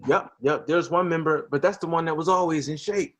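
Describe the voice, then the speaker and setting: Male interview guest: husky, animated, slightly high voice, acts out quotes. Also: brisk. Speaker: guest singer. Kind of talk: casual interview chat.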